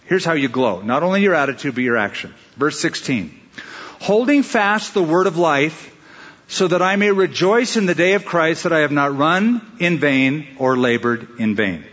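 Pastor guy preaching, slightly high voice, kind of dull sound with a long hall echo. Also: lively intonation, normal speed, fairly bright tone. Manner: conversational preaching with rhetorical questions and acted-out asides. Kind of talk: sermon.

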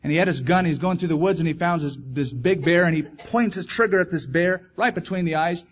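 A man's voice: on the high side, fairly quick, hardly any pauses, slightly rough, muffled recording. A male pastor preaching a sermon in an earnest, emphatic way, repeating key phrases.

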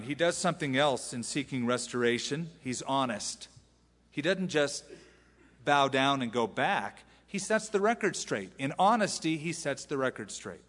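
A pastor preaching a sermon, animated, acting out the lines he quotes from scripture. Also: medium pitch, normal speed, big-room sound.

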